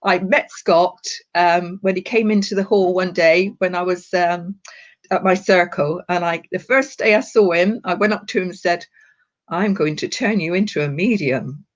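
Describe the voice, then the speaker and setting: Speaking at normal speed with a fairly low pitch and fairly even intonation, the older woman conducts live-stream readings and chat as a psychic medium. She's affectionate, using darling and sweetheart, and the audio quality is dull and lo-fi.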